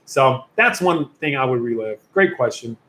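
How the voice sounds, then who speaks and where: A man's voice: mid-range voice, lively intonation, moderate pace, pushed and bright. A man hosting a casual youth Q&A livestream as a youth pastor, rambling and chatty, often breaking off mid-sentence. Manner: rambling, chatty, self-interrupting. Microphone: computer or phone mic on a video stream. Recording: echoey room.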